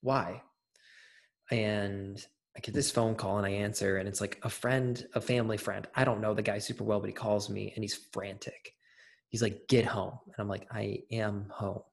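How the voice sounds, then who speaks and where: A man's voice: on the low side, flat delivery, normal speed, gravelly. A young adult man, an interview guest, telling a personal story in casual conversation, with many fillers and restarts.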